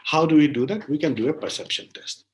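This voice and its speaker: A man's voice: fast, slight background noise. Man giving a lecture with many fillers. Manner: frequent fillers "like, you know", pitch rising on new points. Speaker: linguistics lecturer. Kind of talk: academic talk presenting research.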